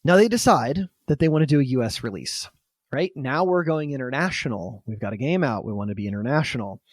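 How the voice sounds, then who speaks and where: Animated, lively-voiced male podcast storyteller. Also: mid-range voice, fairly quick, no echo, studio quality. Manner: animated, swears casually, lots of "like" and "right?".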